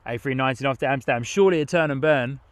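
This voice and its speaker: A young man hosts a live stream outdoors, chatting easily and laughing as he reads comments aloud. His voice sits at an ordinary pitch. The sound is dry, with little room around it. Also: very fast, no echo. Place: outdoors at an airport viewing spot.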